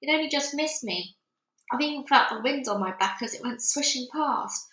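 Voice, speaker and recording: A woman's voice: sits high, moderate pace, sharp tone, voice pushed up. A woman voicing a timid, fretful male earthworm who whines and pleads, in an echoey room. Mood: pleading. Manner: whining, pleading.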